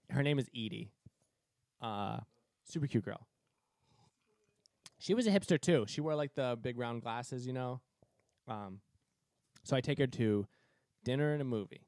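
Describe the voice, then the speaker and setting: A young man from Cape Cod is co-hosting a podcast and telling a story in a loose, casual way. He swears often and laughs easily. His voice sits at an ordinary pitch and sounds close and dry. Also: dry recording. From Cape Cod, Massachusetts. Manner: profane, animated, laughs a lot. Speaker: podcast co-host.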